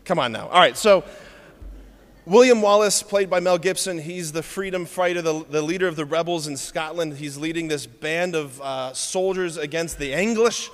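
A man preaching a sermon, telling stories with lively, playful asides to the congregation. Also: a little high, normal speed, long reverb tail.

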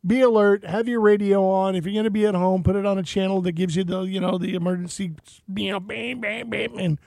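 A middle-aged man co-hosting a radio show, telling a story with lively quoted voices. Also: high voice, fast, no room sound. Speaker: radio co-host. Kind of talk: casual radio banter, storytelling.

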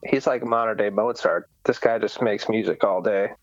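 A man's voice: on the low side, fairly even intonation, normal speed, no echo. A man hosting a podcast in casual chat, laid-back and rambling, full of fillers. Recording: dull lo-fi sound.

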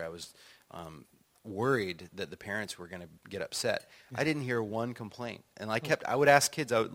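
A middle-aged man, an author and songwriter, telling stories in conversation and acting out quotes with laughter. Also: on the low side. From United States. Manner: animated, acts out quotes, laughs often. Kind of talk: conversational storytelling.

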